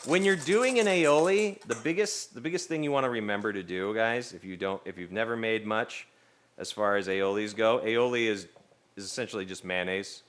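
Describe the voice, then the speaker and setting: A man's voice: lowish voice, moderate pace, fairly bright tone, slight background noise. A man streaming himself cooking, chatting casually and playfully with his viewers and laughing often.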